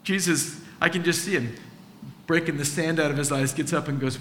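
A man preaching a sermon, animated, acting out the voices of people in the story he tells. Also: a little high, brisk, a little hiss or hum. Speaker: pastor. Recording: echoey hall.

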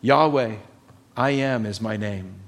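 A man's voice: on the low side, takes it slowly. A man preaching a sermon as pastor, emphatic, repeating his key points and asking his listeners questions.

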